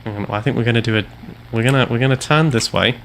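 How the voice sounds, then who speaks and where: A young man doing live gameplay commentary from his home gaming setup on a headset mic, theatrical and self-mocking, with loud mock-heroic outbursts. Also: medium pitch, quick pace, gravelly, a little hiss or hum. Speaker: game streamer.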